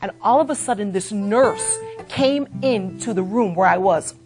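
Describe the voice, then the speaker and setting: A woman's voice: mid-range voice, normal speed. A woman in her forties hosting a talk show, telling a closing story in a dramatic, building way. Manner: dramatic, rising to near-shouting in the story. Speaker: show host. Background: soft guitar music.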